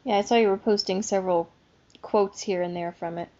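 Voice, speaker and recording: A woman's voice: mid-range voice, steady tone, a little fast, mellow. Chatty woman co-hosting a book podcast. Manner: chatty, with filler words. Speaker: podcast co-host. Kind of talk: casual book chat. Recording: dull lo-fi audio.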